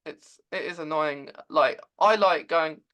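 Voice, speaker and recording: A man hosting a podcast, talking casually and haltingly with many repeated words. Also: a little high, bright, forceful tone. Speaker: podcast host. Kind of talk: casual conversation.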